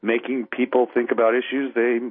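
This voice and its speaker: A man's voice: mid-range voice, flat delivery, a little fast. A man being interviewed on the radio, talking earnestly. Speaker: guest author. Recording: tinny phone line.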